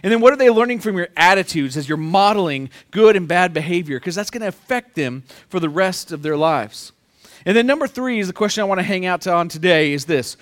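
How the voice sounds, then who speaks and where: A middle-aged pastor preaches with a high, bright, ringing voice. He tells stories and swings from hushed asides to loud punchlines. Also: normal speed. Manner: storytelling with lively swings between quiet asides and loud punchlines. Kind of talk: sermon.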